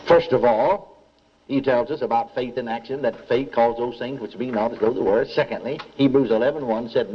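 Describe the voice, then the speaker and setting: On dull audio with a little hiss or hum, an older man preaches at a moderate pace in a medium-pitched voice. He animates a story by acting out and repeating its dialogue and keeps asking the congregation for amens.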